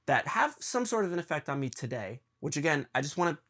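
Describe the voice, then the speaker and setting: Young man, podcast host, confessional, halting, earnest. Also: on the high side, sing-song, a bit bright. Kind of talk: emotional conversation with his father.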